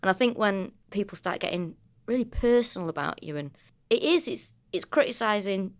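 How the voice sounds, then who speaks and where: Woman, Manchester accent, comedian co-host, sweary, animated storyteller, casual podcast chat. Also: mid-range voice, moderate pace. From North of England.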